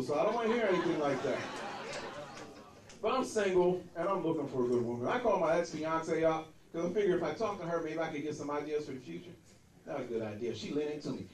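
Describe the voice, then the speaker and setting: A man doing a crude, brash stand-up comedy set in a comedy club, slipping into quick impressions of the people in his stories. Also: high voice, lively intonation. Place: comedy club stage with a laughing audience. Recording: roomy club recording from a distance, crowd laughter.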